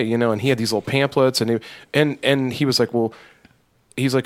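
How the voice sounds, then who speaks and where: Fast-talking rambling podcast man. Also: mid-range voice, fairly even intonation. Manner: fast, rambling storyteller with lots of fillers and swearing. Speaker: podcast host. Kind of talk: casual chat.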